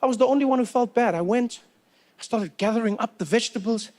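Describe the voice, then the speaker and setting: A man with a South African accent performing a stand-up comedy set, telling animated stories with lots of repetition. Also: very high-pitched, fast talker.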